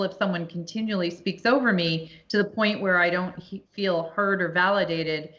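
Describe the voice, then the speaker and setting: A woman co-host reads viewer questions aloud on a live stream. Her voice sits on the low side. The audio is dull and lo-fi. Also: a bit bright. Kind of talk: live-streamed talk show chat.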